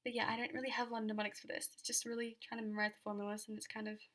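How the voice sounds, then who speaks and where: A woman's voice: fairly high pitch, level tone, rapid-fire, a bit bright. A young Australian woman giving a chatty exam revision lecture, full of fillers and repeated key points.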